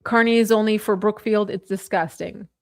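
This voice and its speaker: A woman from Canada hosts a casual livestream from her home. She talks in a chatty way, laughs often and reads viewer comments out loud. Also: medium pitch, steady tone, moderate pace. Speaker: livestream host.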